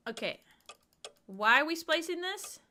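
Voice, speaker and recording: A woman's voice: high-pitched, sing-song, measured pace, pushed and bright, a little hiss or hum. A young woman streaming a point-and-click game, chatting casually with her viewers and exclaiming at the puzzles. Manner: chatty, exclamatory, talks to chat. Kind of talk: casual livestream gaming chat.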